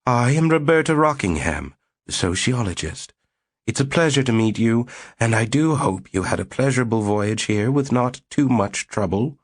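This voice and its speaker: A man's voice: mid-range voice, lively intonation, normal speed, dry recording, studio quality, voice pushed up. A man voicing a frail, gushing elderly woman sociologist in an audiobook reading.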